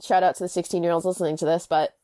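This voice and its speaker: An animated young woman co-hosts a podcast in casual chat, tossing off quick asides and correcting herself. Her voice is recorded close and dry, with no room sound. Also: on the low side, no echo. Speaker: podcast co-host.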